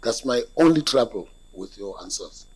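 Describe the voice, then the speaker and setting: A man's voice: medium pitch, expressive, moderate pace, darkish tone, breathy edge, rough recording. A South African man on an interview panel, probing a candidate's answers with hesitant questions.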